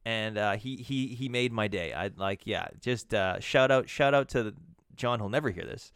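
A man, a bartender and podcast co-host, telling a profane, animated story with frequent restarts. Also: lowish voice, normal speed, clean tone, no echo, studio quality. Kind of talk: casual chat.

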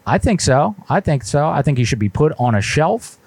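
A man's voice: on the high side, sing-song, moderate pace, creaky, darkish tone, husky, dry recording. A man hosting a live prank call show, folksy and mock-indignant, saying "y'all" often. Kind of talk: live-streamed prank calls and chat.

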